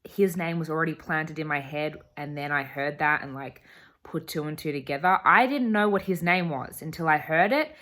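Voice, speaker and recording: A woman's voice: deep voice, moderate pace, fairly bright tone. A young woman telling a personal story in earnest, emphatic vlog voice-over. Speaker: travel vlogger.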